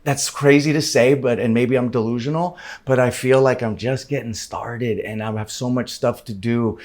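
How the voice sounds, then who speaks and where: Candid animated man in his fifties. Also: mid-range voice, moderate pace. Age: 50s. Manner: candid, animated storyteller with casual swearing. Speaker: actor and podcast guest. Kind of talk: casual interview conversation.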